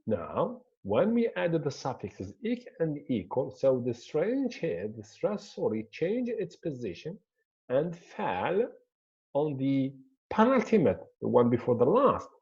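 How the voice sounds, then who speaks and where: Slow, husky man teaching pronunciation. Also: a little high, huge pitch swings, a little mellow, highs cut off. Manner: slow, repetitive explaining, pointing at the board. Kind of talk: classroom lecture.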